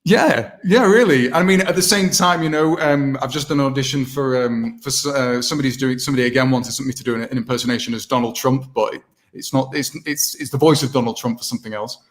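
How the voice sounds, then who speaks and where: A man's voice: mid-range voice, fast. A British man, an impressionist guest, chatting casually over a video call, rambling and self-mocking with many restarts. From Britain.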